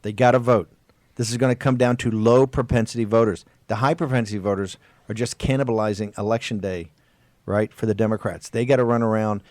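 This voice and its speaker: A man hosting a political talk radio show, exhorting his listeners with emphatic, drawn-out stressed words and frequent restarts. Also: on the low side, fairly even intonation, a little mellow, no echo.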